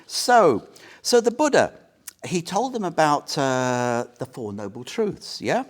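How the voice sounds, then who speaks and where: A man's voice: fairly high pitch, very animated, takes it slowly. A man giving an informal Buddhist talk to a small group, chatty and joking, often quizzing his listeners. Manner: chatty, jokey, asks the group questions. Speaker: Buddhist teacher. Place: meditation centre room.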